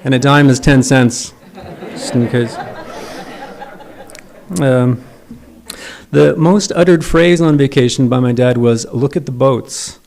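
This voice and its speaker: A man's voice: medium pitch, slow, creaky, pauses often, darkish tone, some chatter behind. A middle-aged man giving a eulogy for his father, telling wry, self-deprecating stories at a memorial service. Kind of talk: memorial eulogy with humorous anecdotes.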